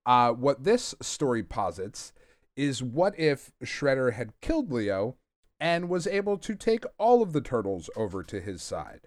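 A man's voice: mid-range voice, very animated, unhurried, no room sound, studio quality. A man hosting a podcast, chatting casually about comic books in a rambling, swearing, self-mocking way. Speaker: podcast host. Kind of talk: casual chat, comic book review. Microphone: podcast microphone.

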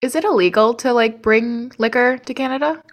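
A woman's voice: on the high side, a little fast. A woman in casual chat, mostly reacting to a story with short exclamations and questions.

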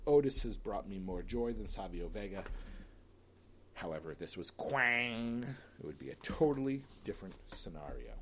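A man's voice: deep voice, slight background noise. A man talking casually on his own, picking winners of wrestling matchups with chatty, opinionated asides and the odd sigh. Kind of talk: casual solo commentary.

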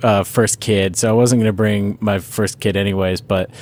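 A man's voice: lowish voice, fairly even intonation, moderate pace, darkish tone. A man in his thirties co-hosting a casual chat, tossing out dry joking asides. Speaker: podcast co-host.

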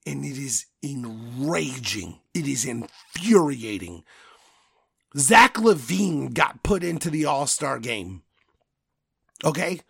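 A man hosting a podcast, delivering a loud, profane, angry sports rant. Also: mid-range voice, big pitch swings, slow, gravelly, breathy edge, no echo, studio quality. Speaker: podcast host.

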